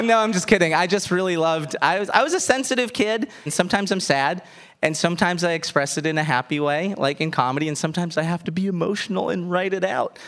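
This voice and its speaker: A man in his thirties, a stand-up comedian, talking in an animated, self-mocking way with frequent laughter. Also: sits high, fast talker. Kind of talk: stand-up set, then interview.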